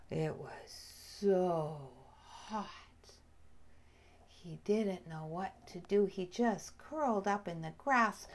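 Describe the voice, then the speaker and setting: A woman reading a children's story aloud slowly and expressively, often dropping to a soft whisper. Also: a little high.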